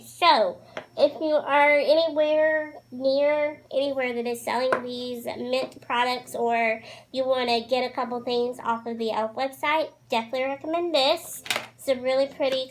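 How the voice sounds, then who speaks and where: A woman's voice: high voice, fairly even intonation, unhurried, background noise. A young woman chatting casually through a makeup tutorial, bubbly and gushing, with lots of fillers. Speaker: beauty vlogger.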